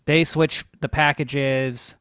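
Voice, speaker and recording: A man's voice: on the high side, steady tone, slow, fairly bright tone, clean tone, no echo, studio quality. A young man co-hosting a podcast, bluntly recapping a movie plot in casual, profane chat. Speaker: podcast co-host.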